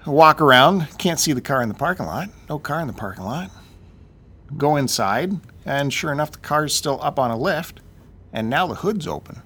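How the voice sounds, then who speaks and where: A man on a casual talk show, telling a long story in an animated, ranting way and acting out the people in it. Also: a little high, normal speed, husky. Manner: animated, ranting, acts out quotes.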